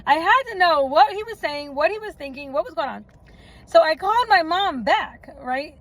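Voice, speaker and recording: A woman's voice: very high-pitched, animated, normal speed, fairly bright tone, no echo, low-quality recording. A woman telling her own life story in a casual storytime vlog, chatty and rambling, often stopping for asides and laughs.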